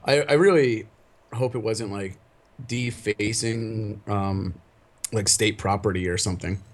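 A man co-hosting a podcast who tells rowdy stories in a loud, giggly, casual chat. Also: on the low side, unhurried. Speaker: podcast co-host.

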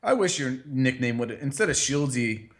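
A man's voice: medium pitch, sing-song, moderate pace. A man hosting a casual chat, rambling and teasing his co-host with crude jokes and stammered restarts. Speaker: podcast host.

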